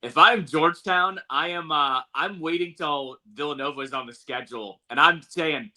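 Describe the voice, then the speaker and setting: A man co-hosting a sports talk podcast, emphatic and joking as he gets riled up. His voice is very bright and sharp and sits a little high for a man. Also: normal speed. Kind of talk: casual sports chat.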